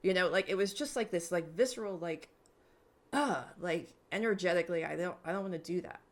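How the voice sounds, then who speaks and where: A woman guest on a podcast telling a personal story in a casual, animated way, acting out quoted dialogue and using plenty of filler words. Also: on the low side, quick pace. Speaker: podcast guest, mentor and hypnotherapist.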